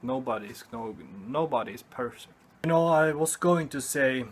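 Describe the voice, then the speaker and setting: Slow, earnest man giving a pep talk. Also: mid-range voice, a bit bright. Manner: earnest, halting, repeats himself and says "you know" often. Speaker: vlogger. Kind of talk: motivational vlog talk to camera.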